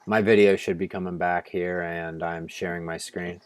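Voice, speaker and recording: A man's voice: low-pitched, level tone, normal speed, slight background noise. A man co-hosting a fantasy football draft stream, talking casually and rambling with many restarts. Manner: rambling, restarts, says "like" a lot. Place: home, on a video call.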